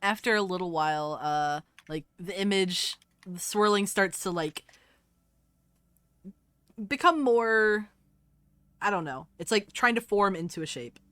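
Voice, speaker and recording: A woman's voice: medium pitch, unhurried, pauses often, bright, forceful tone, clean tone, no echo. A woman narrating a tabletop game as game master, in a casual way with many fillers.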